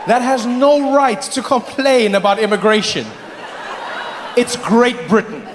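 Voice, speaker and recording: A man from Africa performing an animated stand-up comedy routine, acting out voices as he tells stories. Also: very high-pitched, measured pace, a crowd in the background, noisy background. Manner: animated storytelling with acted-out voices. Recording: live hall with audience. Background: audience laughter.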